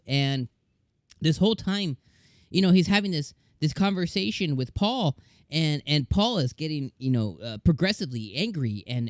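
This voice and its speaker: A man reviewing an anime episode in casual chat, excitable and gushing, often repeating words and restarting his sentences. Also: a little high, no echo, clean studio sound.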